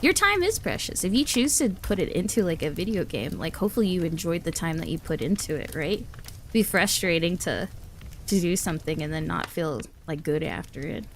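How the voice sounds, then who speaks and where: A woman's voice: lowish voice, expressive, brisk, slight background noise. A woman livestreamer chatting casually with her viewers, rambling, giggling often and restarting her sentences. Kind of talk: casual chat with live chat.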